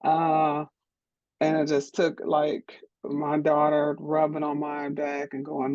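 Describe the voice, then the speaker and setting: A woman's voice: low voice, monotone, takes it slowly, darkish tone, no echo, muffled recording. A middle-aged woman from Detroit, a DJ and producer, giving candid interview answers in a frank, emphatic, encouraging way. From Detroit, USA.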